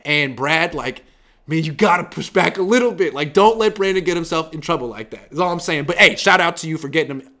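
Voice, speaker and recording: A young sports writer appears as a guest on a podcast, chatting casually in a fairly quick, high-leaning voice. He's animated, acting out the players he quotes with big, loud jumps.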